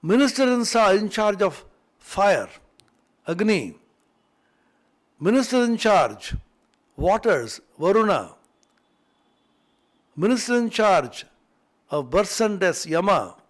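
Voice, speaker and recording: A man retells an old scripture story to a class, animated and playful, with asides to his listeners. His voice is notably high for a man. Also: measured pace, pauses often. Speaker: scripture teacher.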